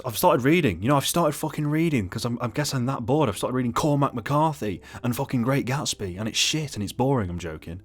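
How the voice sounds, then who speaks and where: A man's voice: medium pitch, expressive, fairly quick, few pauses. A young man ranting in a sweary, hyperbolic, self-mocking video essay.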